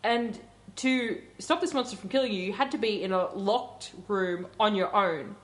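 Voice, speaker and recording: A woman's voice: medium pitch, moderate pace. A woman co-hosting a community radio show, telling stories casually with lots of ums and likes. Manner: chatty storyteller, recounting dreams with many ums and likes.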